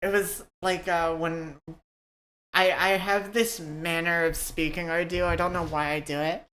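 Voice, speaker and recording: A woman's voice: fairly low pitch, fairly even intonation, a little slow, a bit bright, a little hiss or hum. A woman hosting a podcast, chatting casually, rambling with lots of restarts and swearing. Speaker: podcast host.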